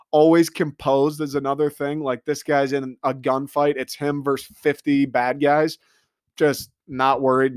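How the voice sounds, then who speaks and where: A man delivering an excitable, profane comedic rant monologue, riffing with mock quotes. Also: medium pitch, clean tone, no room sound, clean studio sound. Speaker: comedic commentator.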